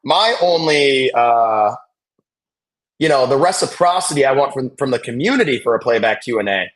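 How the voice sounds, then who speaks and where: Guy hosting a live game watch-along stream, chatty, gets hyped on big plays, mid pitch. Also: normal speed. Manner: chatty, excitable, reacts loudly to big plays. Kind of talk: casual live watch-along chat with play-by-play.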